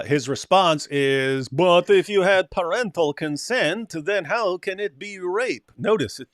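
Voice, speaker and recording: A man's voice: mid-range voice, no room sound, studio quality. A man co-hosting a casual panel discussion, talking animatedly and stumbling over restarts. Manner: animated, acts out quoted voices, frequent restarts. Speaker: co-host.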